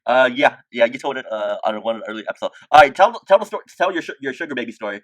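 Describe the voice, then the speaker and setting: A man hosts a podcast in a relaxed, unhurried way, tripping over his words now and then. His voice sits at a medium pitch. It sounds close and dry, with no room around it. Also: dry recording. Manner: laid-back, hesitant, stammering restarts. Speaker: podcast host. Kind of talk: casual podcast chat.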